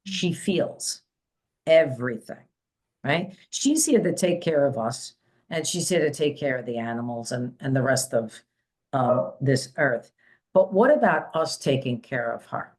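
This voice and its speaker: Low-voiced woman, spiritual podcast host. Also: big pitch swings, measured pace, darkish tone. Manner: hesitant, many fillers and restarts. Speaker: psychic medium host. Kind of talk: casual spiritual chat.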